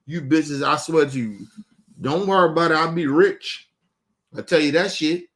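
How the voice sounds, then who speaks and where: Man from Baltimore, show host, raised-pitch voice, blunt profane rant straight to camera, insistent and repetitive. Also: normal speed, a bit bright. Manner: emphatic, blunt, cursing, repeats himself; addresses viewers directly, urging them.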